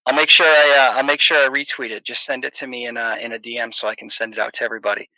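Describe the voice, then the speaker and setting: A man's voice: medium pitch, flat delivery, racing, bright, forceful tone, dry recording, poor audio. A man chatting earnestly as a podcast guest, rambling a bit with restarts. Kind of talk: casual chat.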